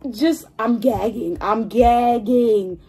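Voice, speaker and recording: A woman in her twenties chatting excitedly to her viewers in a hair vlog, gushing and talkative. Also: fairly high pitch, takes it slowly, slightly rough. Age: 20s. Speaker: hair vlogger. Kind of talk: casual chat to viewers. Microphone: phone.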